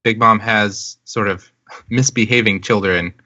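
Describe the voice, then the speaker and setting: A man co-hosting a casual podcast, explaining details in a measured way. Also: lowish voice, steady tone, pushed and bright. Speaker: podcast co-host. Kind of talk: casual chat. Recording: dull lo-fi podcast audio.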